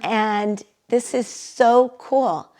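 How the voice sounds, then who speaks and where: A woman's voice: on the high side, very slow, darkish tone. A middle-aged woman leading a live wellness workshop, chatty and laughing often as she guides the group through affirmations. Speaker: workshop leader and energy healer.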